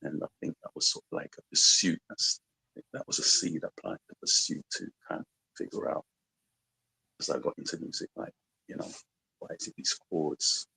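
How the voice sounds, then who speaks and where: A London musician with a slight American twang chats reflectively as a guest in a casual radio interview, rambling with plenty of "you know" and "like." His voice is rumbling low, creaky, bright, and forceful with a breathy edge, at a moderate pace, on a rough recording.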